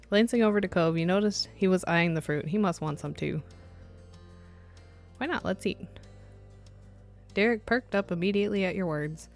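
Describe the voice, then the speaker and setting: A woman reading a visual novel aloud, switching between narration and animated, sarcastic asides of her own. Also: lowish voice. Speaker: let's play streamer.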